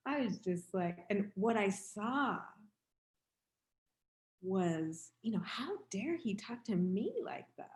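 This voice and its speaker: A woman's voice: mid-range voice, animated, slow, darkish tone. Reflective fifty-something woman teacher, roomy sound. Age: 50s. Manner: candid, reflective, conversational. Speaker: meditation teacher. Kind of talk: dharma talk. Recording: roomy echo.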